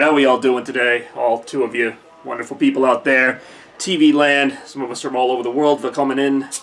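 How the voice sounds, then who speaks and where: Man, livestream host, casual chat, playful, teasing, mid pitch. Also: a bit bright. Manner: playful, teasing, repeats lines for effect.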